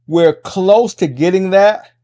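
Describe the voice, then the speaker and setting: A middle-aged man hosting a podcast, talking fast in a casual monologue, restarting phrases and tagging lines with "right?". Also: high-pitched, mellow. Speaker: podcast host and MMA coach.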